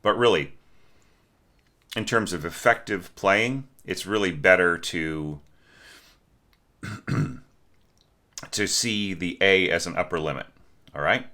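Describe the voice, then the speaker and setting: A man with a very low voice talks through a student's orchestration as a teacher. His tone is bright and forceful, and he keeps the critique conversational, checking in with "right?" and singing short notes to show what he means. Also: slow pace, pauses often. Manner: conversational, asks questions, sings short notes. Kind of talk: spoken score critique.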